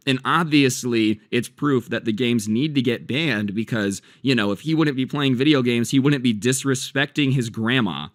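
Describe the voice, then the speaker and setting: A man's voice: medium pitch, normal speed, hardly any pauses, a bit bright, no echo, clean studio sound. A man casually narrating a story as a channel host, chatty and loose with lots of fillers.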